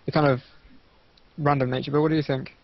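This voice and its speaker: A man hosting a casual online game cast, quick and polite, full of fillers and restarts, heard over a voice call. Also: a little high, flat delivery. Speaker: shoutcaster host. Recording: muffled lo-fi voice call.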